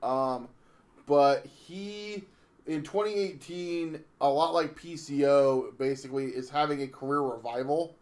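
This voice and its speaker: A man's voice: a little high, unhurried. A man co-hosting a casual wrestling podcast, rambling through the card with lots of fillers and easy laughs. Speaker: podcast co-host.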